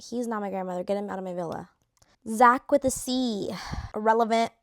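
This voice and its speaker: A woman's voice: mid-range voice, a little fast. A young woman chatting casually to camera while ranking reality show contestants, full of fillers and slang.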